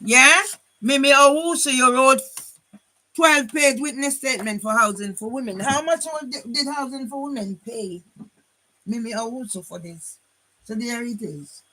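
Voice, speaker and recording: An older woman talking to her phone camera in a rambling, combative monologue, often pausing on a challenging "yeah?". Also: high-pitched, sharp tone, poor audio. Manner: combative, repeats tag question "yeah?"; rambling, restarts lines. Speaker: vlogger.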